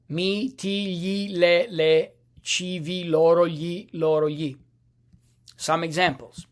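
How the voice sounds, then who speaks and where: A man teaching a language lesson over slides, speaking slowly with many fillers and restarts. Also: a little high. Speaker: Italian teacher.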